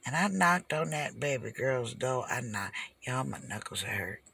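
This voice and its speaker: An older woman, ranting as a delivery driver from her parked car in an animated, repetitive way, swinging from shouting to whispering. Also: very deep voice, measured pace, creaky, slightly rough. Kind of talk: ranting vlog.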